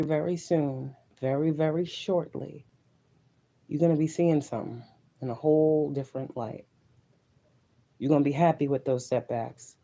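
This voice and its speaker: Woman tarot reader on a live stream: mellow, warm tone, emotional and preachy, drops to soft near-whispers. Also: low voice, a little hiss or hum, poor audio. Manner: emotional, preachy, repetitive affirmations, swears.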